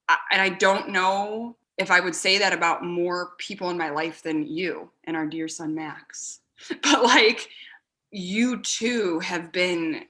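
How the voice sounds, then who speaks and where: A woman speaks as a guest on a conversational podcast, her voice bright and forward. She chats casually and animatedly, laughs often, and acts out little scenes from memory as she goes. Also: fairly low pitch. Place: podcast recording with her husband beside her.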